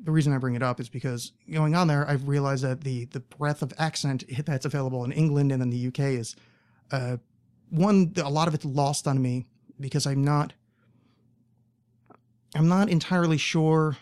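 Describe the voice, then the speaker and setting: A man's voice: medium pitch, steady tone, moderate pace, darkish tone, clean tone. An American man hosting a podcast, talking in a rambling, casual monologue full of fillers, restarts and swearing. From United States. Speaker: podcast host.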